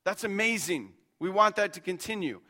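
A man's voice: high voice, animated, moderate pace, pushed and bright. A man preaching a sermon as pastor, earnest and conversational, repeating his points and checking in with the listeners.

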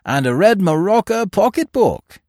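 Guy doing a cheeky jailer listing loot, lively, high-ish. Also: moderate pace, no echo, clean studio sound. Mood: teasing. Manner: listing, teasing. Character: gruff, teasing male prison jailer.

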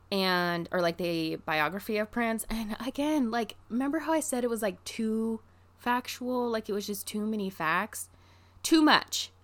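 A woman vlogger chats casually and tells a story to her camera, with lots of "like" fillers. Her talk is excitable and gushing, and her pitch sits in an ordinary middle range. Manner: chatty, filler-heavy with constant "like".

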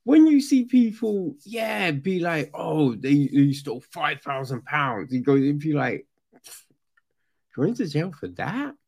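A man giving casual, sarcastic true crime commentary, animated and full of swearing. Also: on the high side, slow pace, vocal fry.

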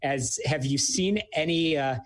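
Business show host, hesitant with fillers. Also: male voice, on the high side, a little slow. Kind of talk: business talk show interview.

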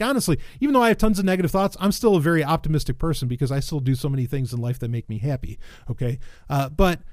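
A man with a slightly high, darkish voice, studio quality with no room sound, reacts to a blog post as a commentator. His casual, sardonic monologue rambles with restarts and swearing, then flares into exasperated rants.

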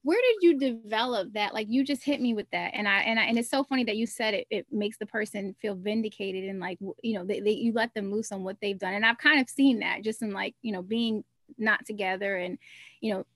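A woman hosts a podcast and shares her thoughts in a reflective, conversational way, with plenty of "like" and "you know". Her voice sits in a middle pitch and sounds close and dry, with no room echo. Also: brisk, fairly bright tone. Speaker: podcast host. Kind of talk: casual conversational interview.

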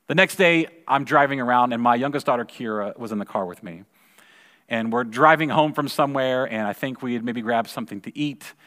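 A man's voice: medium pitch, fairly quick. Man preaching in a reverberant hall. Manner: conversational storytelling, repeats words when excited. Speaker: pastor. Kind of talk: sermon with personal story. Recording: long reverb of a large hall.

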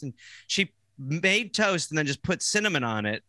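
A man telling funny stories in casual chat, animated and quick to jump into mock voices. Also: medium pitch, no room sound, studio quality. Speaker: podcast co-host. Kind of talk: casual comedic storytelling.

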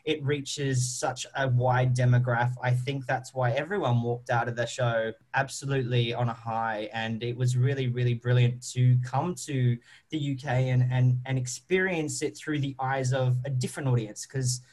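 A man's voice: mid-range voice, fairly even intonation, moderate pace, few pauses, a little mellow. An Australian man, a stage actor, answering interview questions in an upbeat, chatty way, with plenty of ums and you-knows.

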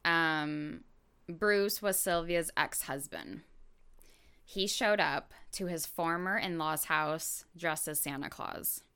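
A woman hosting a podcast, telling a true crime story in a relaxed, casual way with lots of fillers and asides. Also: low-pitched, slow, clear, resonant tone.

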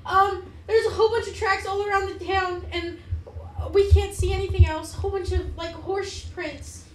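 A worried woman mayor, put on by a female game master, calls out urgently in a high, pleading voice. She sounds a little far from the mic, in a roomy space with faint background hiss. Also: steady tone, normal speed.

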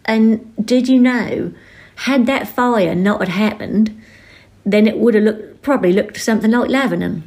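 A woman with a broad West Suffolk accent chats away as a podcast co-host. She giggles often and drops into local dialect grammar. Her pitch sits in the middle for a woman. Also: normal speed, a little mellow. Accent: West Suffolk English. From West Suffolk, England. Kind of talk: casual chat.

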